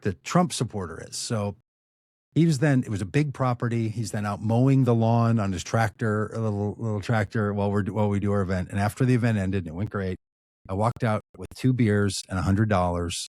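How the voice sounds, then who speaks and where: A man, an activist and author, telling a relaxed anecdotal story as a podcast guest, trailing off into low asides. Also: a little fast, no echo, studio quality. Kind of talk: storytelling in conversation.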